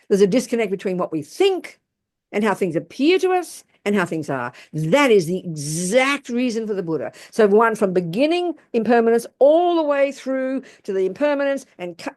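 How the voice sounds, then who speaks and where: A woman's voice: fairly high pitch, darkish tone. A woman giving a Buddhist teaching to an audience, blunt, emphatic and colloquial. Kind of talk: Dharma talk to an audience.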